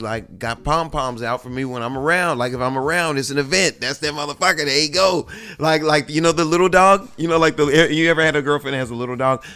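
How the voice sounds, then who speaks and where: A man's voice: medium pitch, fairly bright tone, clean tone. A man and father, hosting a podcast, talking in a candid, profane, rambling monologue with many restarts. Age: adult with children. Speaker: podcast host.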